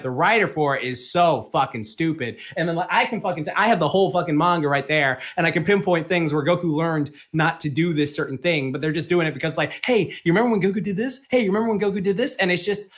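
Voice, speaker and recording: Ranting, profane man on a podcast. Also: a little high. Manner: fast, animated storytelling with quick put-on quotes. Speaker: podcast co-host. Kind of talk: casual podcast chat.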